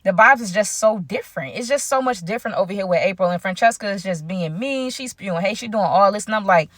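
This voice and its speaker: A woman's voice: medium pitch, lively intonation, fast, hardly any pauses, fairly bright tone, dry recording, clean studio sound. A young woman telling a story in a casual storytime vlog, chatty and talking straight to her viewers. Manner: chatty, keeps addressing viewers directly. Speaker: vlogger.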